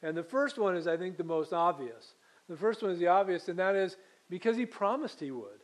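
A man pastor preaching a conversational sermon, pausing to quiz the congregation and correcting himself as he goes. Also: sits high, expressive. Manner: self-correcting, many fillers and restarts.

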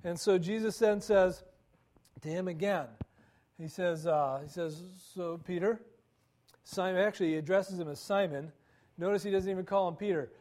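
Man, pastor, high voice, conversational sermon, acts out dialogue. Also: moderate pace, a little mellow. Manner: conversational, acts out quoted dialogue with repeated stammers.

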